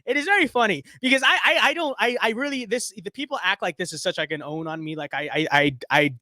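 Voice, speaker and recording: A man's voice: sits high, quick pace, sharp tone, no echo, clean studio sound. A man ranting on a live stream, reading chat comments aloud with heated sarcasm and frequent restarts.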